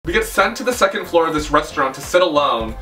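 A man's voice: on the high side, lively intonation, quick pace, recorded from a distance, over music. A young man telling a dramatic storytime in a chatty way, full of filler words. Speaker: vlogger. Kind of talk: casual storytime.

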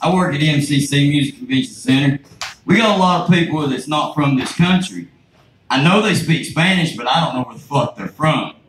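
A man's voice: a little high, fairly quick, fairly bright tone. A man with a rural Southern American accent doing a crude, self-mocking stand-up set on a club stage. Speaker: stand-up comedian. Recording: echoey, noisy room from far off.

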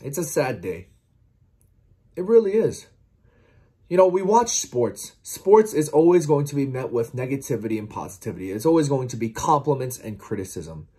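A man's voice: medium pitch, sing-song, normal speed, mellow, husky. A man giving a heartfelt, earnest post-match reflection to camera as a football vlogger, often stumbling and repeating words. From outside England, watching from across the Atlantic.

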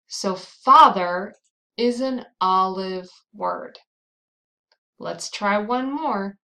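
An American woman teaching pronunciation at a very slow, deliberate pace. Her pitch sits in the middle of the range. She repeats each example word clearly, drawing it out for the learner. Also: sharp tone, poor audio. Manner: drills words slowly and repeats them.

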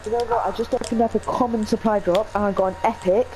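A woman's voice: medium pitch, fairly even intonation, quick pace, poor audio. A young British woman chatting in a gaming party, rambling about her loot. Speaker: gamer. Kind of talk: casual gaming chat.

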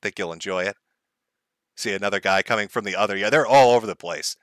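A man's voice: lowish voice, quick pace, fairly bright tone, no echo. A man hosting a live stream, giving sarcastic, mocking commentary and laughing often. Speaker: streamer host.

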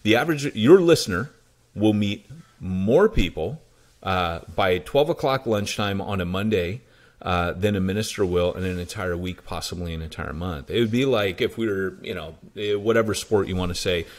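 American male pastor with a low voice, lively storyteller in an interview who voices the people he quotes. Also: moderate pace. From United States. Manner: animated, acts out quoted dialogue. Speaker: pastor and church planter.

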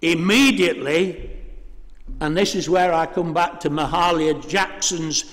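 A man preaching a sermon in a church, measured and full of rhetorical questions. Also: on the high side, a bit bright. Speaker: priest. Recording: reverberant church hall.

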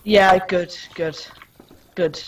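A woman's voice: on the low side, fairly even intonation, drawn-out words, a little hiss or hum, low-quality recording. A woman chatting casually and swearing while playing a zombie shooter with friends. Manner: swears and shouts during play. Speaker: gamer. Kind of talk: casual gameplay chat while drinking. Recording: loud game gunfire behind.

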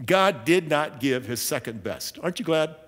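A man's voice: fairly high pitch, animated, moderate pace, a bit bright, long reverb tail. A man giving a sermon as pastor, emphatic and earnest, with self-deprecating asides. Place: church.

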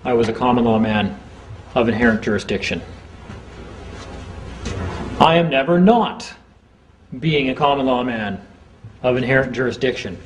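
A man's voice: medium pitch, lively intonation, moderate pace, pauses often, slight background noise, rough recording. A man giving an informal seminar to a live audience, casual and jokey, acting out both sides of courtroom exchanges. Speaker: seminar speaker.

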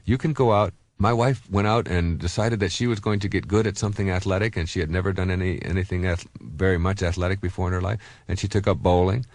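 A man's voice: low voice, fairly even intonation, fast, hardly any pauses, no echo. A man in his fifties, a self-help author, giving a conversational motivational talk full of personal stories, with many fillers and restarts.

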